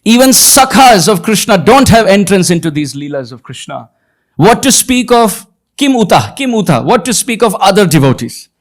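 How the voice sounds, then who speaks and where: A man with a notably high-pitched voice leads a devotional talk at a retreat. He intones verses slowly and then unpacks them word by word, with firm emphasis. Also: very animated. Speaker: spiritual teacher. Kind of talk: devotional lecture. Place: retreat hall, before a live audience.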